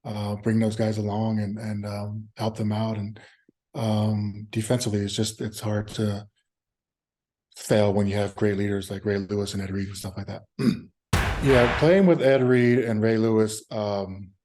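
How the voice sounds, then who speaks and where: Low, mellow-voiced man in an interview. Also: flat delivery. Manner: halting, many filler sounds and restarts; easygoing, acts out remembered exchanges. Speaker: former pro football player, interview guest. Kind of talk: interview answers, reminiscing.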